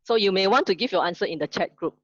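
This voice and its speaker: A woman's voice: medium pitch, expressive, quick pace, no room sound, muffled recording. A woman teaching an online class. She asks the class questions, then tells a story to make her point. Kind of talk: online lesson told as a story.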